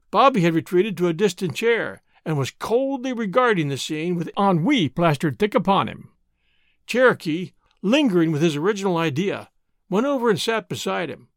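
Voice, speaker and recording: Male storybook narrator, expressive, high and animated, dry close mic. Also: dry recording. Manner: expressive, acts out character voices.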